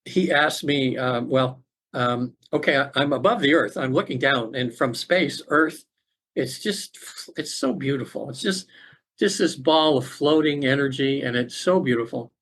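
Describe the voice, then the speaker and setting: A middle-aged man, a podcast guest, telling a personal story in an earnest, halting way with many restarts, over a remote call. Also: mid-range voice, a bit bright. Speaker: podcast guest, afterlife facilitator.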